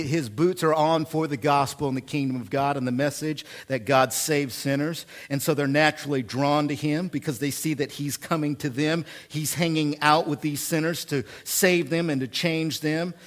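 Man, pastor, sermon, fairly high voice, emphatic, repeats key lines. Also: fairly even intonation, normal speed, few pauses. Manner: emphatic, repeats key phrases, swings from quiet to loud. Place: church.

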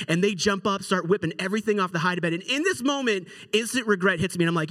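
A middle-aged male pastor with a high-set voice, preaching in a loose, chatty way. He jumps into the voices of the people in his story and keeps the tone animated. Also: fast, hardly any pauses. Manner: animated, conversational, acts out quotes. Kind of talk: storytelling sermon.

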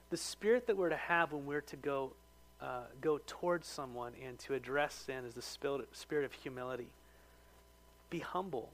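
A man pastor preaching a conversational sermon, raising his voice for emphasis and dropping it low for quiet asides. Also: slight background noise. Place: church.

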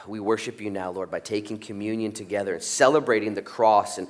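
A middle-aged man preaching a sermon, animated, jumping from loud peaks down to soft asides. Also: lowish voice, moderate pace. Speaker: pastor. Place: church sanctuary.

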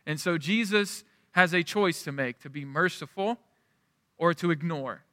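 A man's voice: fairly high pitch, measured pace, bright, forceful tone, clean studio sound. A middle-aged man preaching a sermon as pastor in a church, in a conversational way that keeps checking in with the congregation. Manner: conversational, asks the room "right?". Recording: long hall reverb.

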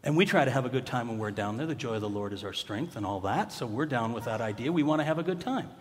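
A man preaching a sermon in a church, conversational and joking, rising to loud emphatic bursts. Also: medium pitch, animated, fast, long reverb tail, a little hiss or hum. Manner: humorous, conversational, builds to loud emphatic peaks. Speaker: pastor. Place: church sanctuary.

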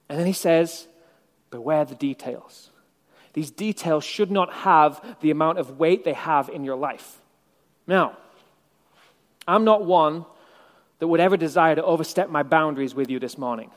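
A male preacher with a high-pitched voice delivers his sermon in a conversational, reflective way, dropping in wry asides. The long reverb of a large church hall rings behind each phrase. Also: normal speed.

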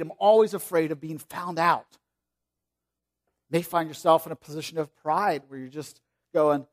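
A man preaching a sermon in a conversational way, often restarting his sentences and swinging between loud, stressed phrases and quiet, low ones. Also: moderate pace. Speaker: pastor.

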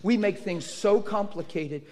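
A man preaching a sermon, telling a personal story with fervent, sudden loud outbursts. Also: sits high, measured pace. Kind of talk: sermon testimony. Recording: long reverb of a large hall.

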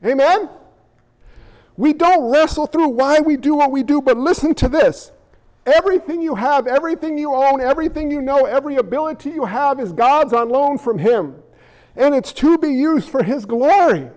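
A male pastor preaching an animated sermon, acting out the voices he quotes. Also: extremely high pitch. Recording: echoey hall, dull lo-fi sound.

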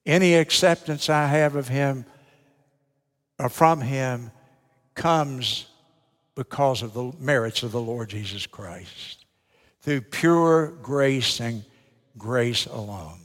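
A man's voice: medium pitch, slow, pauses often, a bit bright. An older man preaching a folksy, emphatic sermon as a Baptist preacher, with rhetorical questions to the congregation. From United States. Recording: long hall reverb.

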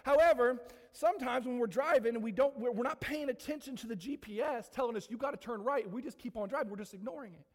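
A man preaching a sermon to his congregation, animated, with frequent asides to the room. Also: very high voice, fast talker, hardly any pauses, big-room sound. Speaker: pastor. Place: church sanctuary.

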